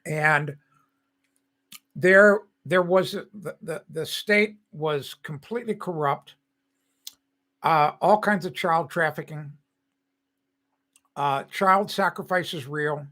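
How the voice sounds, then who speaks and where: A man in his sixties from the United States, hosting a live stream with a bright, forceful voice that sits a little high for a man. He rambles casually and breaks off to answer chat comments. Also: takes it slowly, pauses often.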